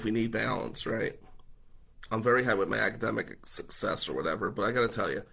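A man, a lawyer, telling a personal story to the camera in a casual, animated way, blunt and swearing freely. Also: fairly low pitch, vocal fry, slightly rough, poor audio.

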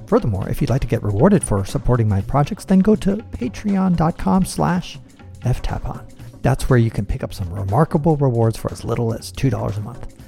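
A male podcast host with a gravelly, mellow voice. He asks short questions, then reads his closing list of links at an even, steady clip. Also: medium pitch, brisk, faint music behind. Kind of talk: podcast interview and scripted outro.

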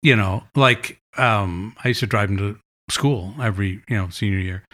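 A man's voice: on the low side, normal speed. A man telling funny family stories in a casual chat, acting out the lines of the people in them. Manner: animated anecdotes, acting out quotes. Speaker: guest. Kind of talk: casual storytelling.

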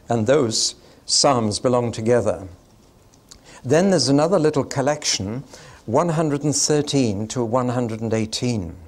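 An older man, preaching a Bible teaching to his congregation in a conversational, explanatory way with bursts of dramatic emphasis. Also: mid-range voice.

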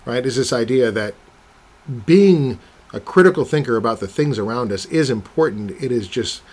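A man hosting a casual podcast conversation, animated and quick to laugh. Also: medium pitch. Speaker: podcast host.

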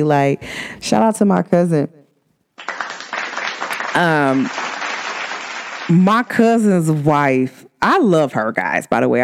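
A woman talking straight to her listeners in a loose, chatty monologue. She is emphatic and animated, and her voice jumps up high when she gets excited. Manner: chatty and emphatic, many "like" fillers. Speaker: podcast host.

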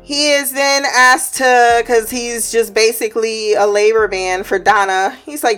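Woman host for a chatty show recap, laughs a lot, curses freely, slightly high voice, faint music bed. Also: steady tone, unhurried, few pauses, fairly bright tone, clear, resonant tone. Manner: chatty, laughs often, swears, acts out quotes. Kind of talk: casual episode recap.

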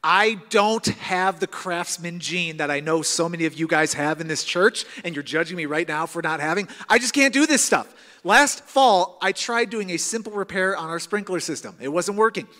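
A man in his thirties preaching a sermon in a church, telling self-deprecating stories in an animated way. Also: sits high, moderate pace, long reverb tail. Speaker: pastor. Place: church auditorium.

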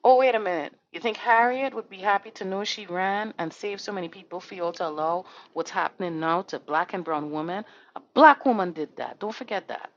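Fairly quick and barely pausing, a mid-range female voice delivers an impassioned, furious podcast monologue full of swearing and rhetorical questions, captured in a dry, dull lo-fi recording.

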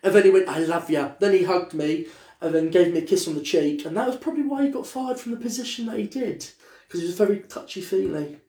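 A man co-hosting a casual podcast, animated and sweary, telling stories with lots of put-on voices. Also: sits high, fast talker. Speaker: podcast co-host. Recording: echoey room.

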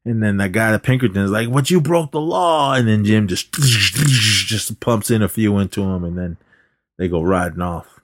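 A man's voice: fairly low pitch, fairly even intonation, moderate pace, dry recording. A man co-hosting a podcast, loosely retelling a movie scene with lots of "uh" and acted-out quotes. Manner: rambling retelling with filler words and quoted lines. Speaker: podcast co-host. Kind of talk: casual film recap.

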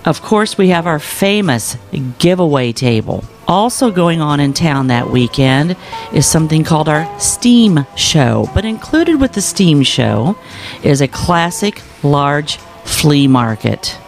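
A man's voice: fairly high pitch, sing-song, a little slow, vocal fry, soft background music. A man hosting a podcast, upbeat as he announces weekend event plans in casual chat. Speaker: podcast host.

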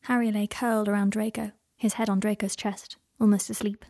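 A woman softly reading a romance story aloud in a hushed, narrating voice. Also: medium pitch, level tone, fairly quick. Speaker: reader. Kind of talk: fan fiction audiobook reading.

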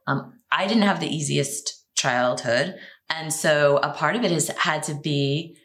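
Animated, low-voiced woman telling a personal story. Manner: animated, expressive storyteller with quick laughs. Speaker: guest.

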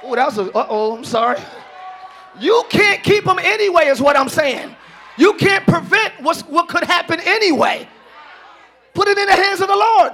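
A man pastor preaching a live sermon in church, building to shouted passages and joking asides to the congregation. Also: very high voice, normal speed.

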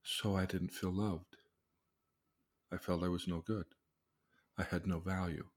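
A man's voice: sits low, flat delivery, unhurried. A middle-aged man sharing his own story as a religious lesson for his daughter, earnestly asking questions and acting out voices. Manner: earnest, asks questions and acts out quoted voices. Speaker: father teaching his daughter. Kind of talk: religious life lesson told as personal story.

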